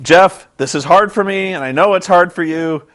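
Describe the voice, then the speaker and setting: A man doing a mocking impression of a calm male wrestling boss who speaks slowly and soothingly. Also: sits high.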